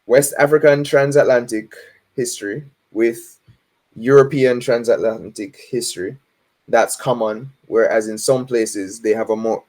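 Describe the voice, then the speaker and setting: A man's voice: fairly low pitch, darkish tone. Jamaican guy explaining stuff in an interview, laid back, lots of laughs and right?. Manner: laughs often, frequent "right?" tag questions. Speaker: guest. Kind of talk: casual interview chat.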